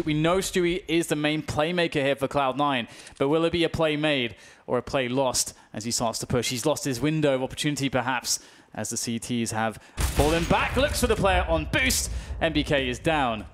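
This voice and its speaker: A man with a British accent giving live play-by-play commentary on an esports match, his voice jumping up on big plays. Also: a little hiss or hum. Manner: excitable, pitch jumps on big plays. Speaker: esports caster.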